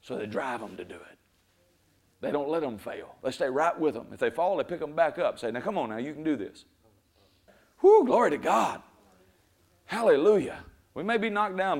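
A male preacher delivering a fervent sermon, repeating phrases rhythmically, slowing for emphasis and rising to shouts. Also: on the high side. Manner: rhythmic repetition, slows for emphasis.

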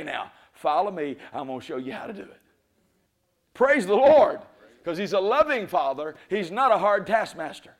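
A male preacher delivering a fervent sermon, repeating phrases rhythmically, slowing for emphasis and rising to shouts. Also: high-pitched. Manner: rhythmic repetition, slows for emphasis.

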